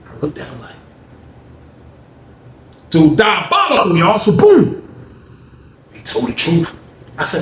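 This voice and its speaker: A man's voice: a little high, sing-song, fairly quick, slight background noise. A man telling a casual story in slangy speech, talking to listeners as y'all. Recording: echoey room with faint ambience.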